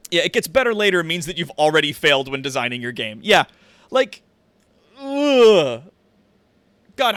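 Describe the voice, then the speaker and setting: Animated, expressive man ranting casually. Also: a little high, dry recording. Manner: animated, rants with heavy swearing. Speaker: streamer. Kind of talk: casual gaming stream chat.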